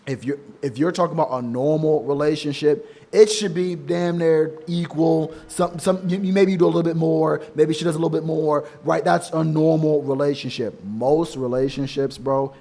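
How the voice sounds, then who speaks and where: A man's voice: a little high, steady tone, moderate pace, warm tone. A man giving emphatic, repetitive dating advice to other men in a casual, slangy monologue. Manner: emphatic, preachy, repeats for stress; casual slang, addresses listener as bro. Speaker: men's dating coach.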